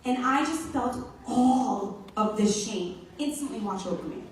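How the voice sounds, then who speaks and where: A young woman tells a personal story to an audience, her voice high and swinging widely as she acts out the quotes. She sounds a little distant from the mic, and the hall around her rings with strong echo. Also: a little slow, a little hiss or hum. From New York. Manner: animated, acts out quotes in voices, laughs often. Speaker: speaker giving a personal talk. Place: event hall.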